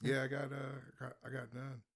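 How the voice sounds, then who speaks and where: A man's voice: medium pitch, flat delivery, normal speed, vocal fry. A man co-hosting a casual movie podcast, joking, swearing and laughing easily. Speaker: podcast co-host. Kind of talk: casual movie review chat.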